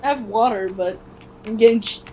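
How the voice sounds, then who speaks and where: A woman's voice: fairly high pitch, fairly quick, dull audio. Teasing young woman with the hiccups. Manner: teasing, giggly, curt. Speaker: gamer. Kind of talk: casual gameplay chat. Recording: faint background noise.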